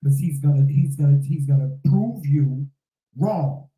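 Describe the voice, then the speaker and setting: A man's voice: a little high, lively intonation, unhurried, mellow, reverberant, rough recording. A man co-hosting a casual chat, speaking earnestly and reflectively, often repeating himself. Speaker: co-host.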